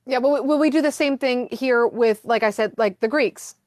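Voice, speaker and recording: A woman's voice: a little high, normal speed, darkish tone, dry recording, studio quality. A woman guest in a casual conversation, talking chattily with many fillers and questions. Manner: chatty, lots of "like" and "um".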